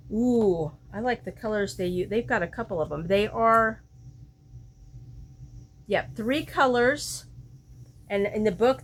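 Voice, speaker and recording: A woman's voice: on the high side, slight background noise. A woman hosting a crochet vlog, chatting casually and thinking aloud, often questioning herself mid-sentence. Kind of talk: casual show-and-tell chat.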